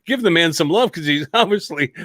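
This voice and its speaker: A man's voice: fairly high pitch, animated, brisk, sharp tone, no room sound, studio quality. A man co-hosting a podcast, talking casually and laughing often as he chats. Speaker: podcast co-host.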